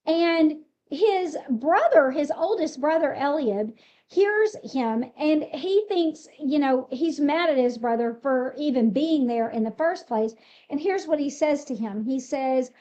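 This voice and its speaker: High-voiced woman retelling a Bible story. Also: unhurried, mellow. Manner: conversational, explaining, with fillers. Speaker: Bible teacher. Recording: slightly muffled recording.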